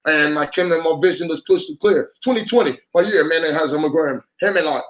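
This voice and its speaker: A man's voice: fairly high pitch, fairly quick. A man delivering a rambling freestyle monologue, chanting and repeating words in a loose stream of wordplay. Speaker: vlogger.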